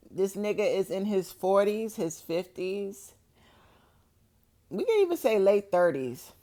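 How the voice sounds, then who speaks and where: A woman vlogger talking straight to her viewers like a big sister, frank and heavy with swearing, getting loud and heated when she stresses a warning. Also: medium pitch, sing-song, a little slow. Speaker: vlogger and support group organizer. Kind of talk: blunt advice talk to viewers.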